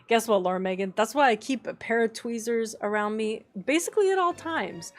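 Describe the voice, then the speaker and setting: A woman streaming and chatting casually with her viewers, playful and laughing often, her voice a little rough. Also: a little high, animated, moderate pace, hardly any pauses. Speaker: streamer reading chat. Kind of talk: casual live-stream chat.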